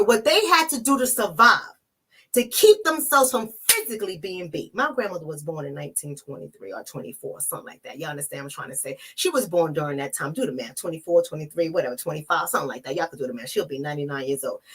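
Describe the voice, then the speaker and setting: A woman's voice: fairly low pitch, fairly bright tone, slightly rough. A woman from the Bronx, a relationship coach, talking emphatically to her viewers in an emotional vlog. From the Bronx, New York. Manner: emphatic, talks straight to viewers as y'all.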